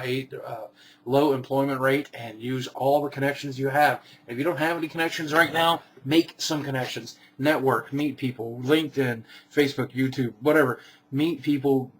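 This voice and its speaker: Man answering fan questions dryly. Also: medium pitch. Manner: reads questions aloud then answers dryly and briefly. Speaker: vlogger answering viewer questions. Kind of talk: casual Q&A.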